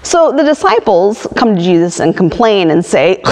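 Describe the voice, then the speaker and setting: A woman pastor who reads a poem aloud and then preaches a sermon with lively emphasis. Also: a little high, unhurried. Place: church sanctuary. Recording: long hall reverb.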